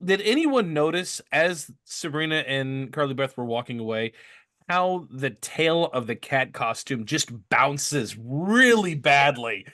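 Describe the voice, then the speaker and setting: A man's voice: fairly high pitch, sing-song, unhurried, pushed and bright, no room sound. A man on a podcast tossing in dry, teasing quips. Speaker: podcast guest. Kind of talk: casual podcast chat.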